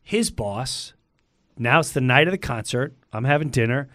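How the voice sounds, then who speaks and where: A middle-aged man telling a story in a lively way, acting out the lines of the people in it. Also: mid-range voice, moderate pace, dry recording, clean studio sound. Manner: acts out other people's lines in quoted voices. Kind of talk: animated storytelling.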